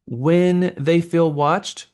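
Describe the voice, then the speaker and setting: A man teaching a real estate sales class in an animated lecture style. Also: on the high side, very slow, clean tone. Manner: lively, acts out buyers' voices.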